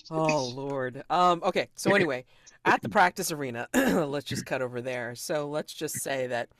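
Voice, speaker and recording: A woman running a tabletop game as game master, animated and quick to laugh, with many fillers. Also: deep voice.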